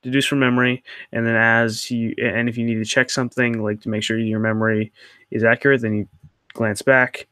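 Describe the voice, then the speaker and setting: A man's voice: medium pitch, level tone, brisk, bright, forceful tone, no room sound. Young man rambling through viewer questions. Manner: rambling, hesitant, many fillers and restarts. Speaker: channel host answering viewer questions. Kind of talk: casual Q&A chat.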